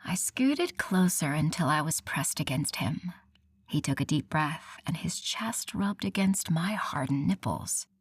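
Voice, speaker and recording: Soft breathy woman narrating romance. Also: on the low side, no room sound. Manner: soft, breathy, intimate delivery. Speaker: audiobook narrator. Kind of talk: first-person romance narration.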